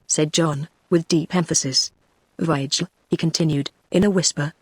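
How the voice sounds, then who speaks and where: Computer voice, british woman reading a book, dry close sound, even steady delivery. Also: sits low, normal speed, breathy edge, no echo. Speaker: audiobook narrator. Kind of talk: text-to-speech book reading.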